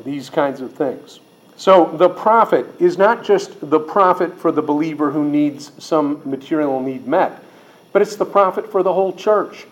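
Joking older man teaching scripture. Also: fairly high pitch. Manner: folksy and joking, slows for scripture. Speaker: Bible teacher. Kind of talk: sermon teaching.

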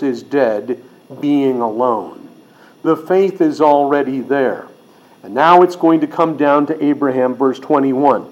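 A man's voice: fairly high pitch, dull audio. Joking older man teaching scripture. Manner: folksy and joking, slows for scripture. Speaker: Bible teacher. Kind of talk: sermon teaching.

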